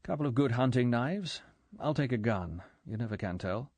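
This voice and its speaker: A man's voice: mid-range voice, animated, darkish tone, no echo. A man as a clipped, decisive agent. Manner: brisk, clipped planning.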